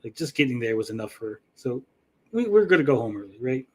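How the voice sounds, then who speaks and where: Casting: middle-aged male podcast host, mid-range voice, swears freely, animated storyteller. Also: mid-range voice, fast. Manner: profane, animated storyteller acting out quotes. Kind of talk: casual storytelling chat.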